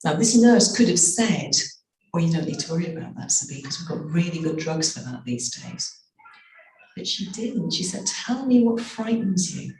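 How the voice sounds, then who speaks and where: Middle-aged woman, storytelling reading, measured pauses, echoey room, distant mic. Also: deep voice, lively intonation, a little mellow. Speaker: author reading from her memoir.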